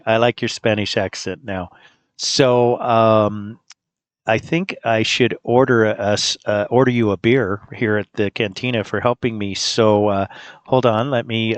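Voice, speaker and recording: A man hosting a casual demo, talking in a relaxed, rambling way with fillers. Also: lowish voice, clean tone, dry recording. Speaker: host demonstrating an app. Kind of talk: casual screen-recorded demo.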